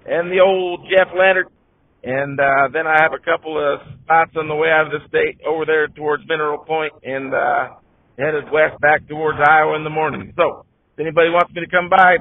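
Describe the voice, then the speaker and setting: A man's voice: a little high, dry recording. A man hosting a live call-in show, chatty and upbeat, with lots of fillers. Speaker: host. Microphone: phone. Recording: tinny phone line, dry.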